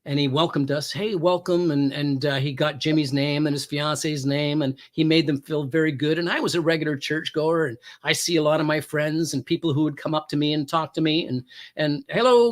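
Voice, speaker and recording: A man's voice: on the high side, fairly bright tone. A former police officer telling a personal story as a talk show guest, acting out the quoted lines with big jumps in his voice.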